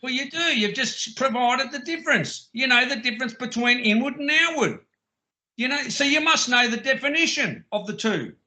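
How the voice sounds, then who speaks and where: A man's voice: very high-pitched, animated, normal speed, sharp tone. A man on a voice call, arguing in a mocking, profane, sarcastic way. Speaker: caller on a group call. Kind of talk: heated argument on a voice call.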